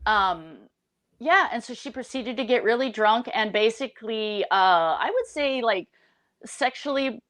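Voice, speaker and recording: A woman's voice: on the high side, expressive, measured pace, a bit bright. A woman hosting a commentary channel, telling a story in casual chat with mocking impressions of the person she talks about.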